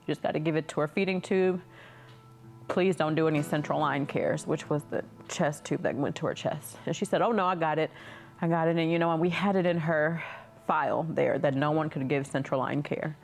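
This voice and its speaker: A mother telling a personal story in a halting way, restarting often. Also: low voice, steady tone, soft background music.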